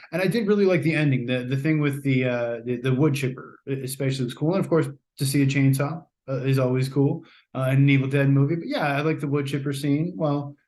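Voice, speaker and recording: A man's voice: medium pitch, a little mellow. An American man, a podcast host, gives a casual, rambling spoken film review with many fillers and restarts. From United States.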